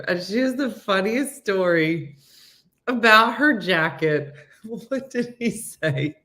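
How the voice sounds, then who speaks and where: Animated woman host telling a funny story. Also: medium pitch, slow. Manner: animated storytelling, acts out quotes, laughs often. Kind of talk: casual morning show chat with viewers.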